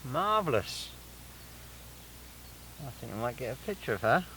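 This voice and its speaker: A man's voice: mid-range voice, very animated, a little slow, pushed and bright, slight background noise, rough recording. A man from England filming a casual fishing vlog outdoors by a lake, chatting and explaining his tackle step by step. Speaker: angler vlogger.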